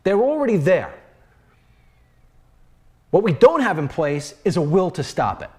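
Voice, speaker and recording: A man's voice: high voice, very animated, a little slow, darkish tone, husky. A man hosting his own online show, delivering an emphatic, heated political commentary monologue and repeating phrases for emphasis.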